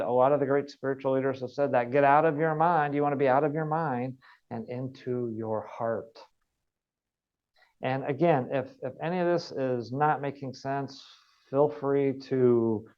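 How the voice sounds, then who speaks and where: A man's voice: mid-range voice, muffled recording. A man working as a wellness coach, giving an earnest motivational training talk and repeating phrases for emphasis.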